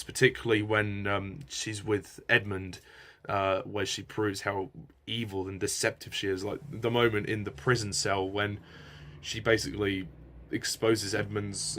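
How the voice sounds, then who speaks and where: A man's voice: lowish voice, fairly bright tone. A man giving a casual spoken film review. He sounds enthusiastic and hesitant, and rambles.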